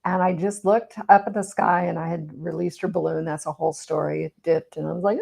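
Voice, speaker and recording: A woman's voice: lowish voice, brisk, gravelly. Woman telling a personal story. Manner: warm storytelling, laughs often. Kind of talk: casual chat.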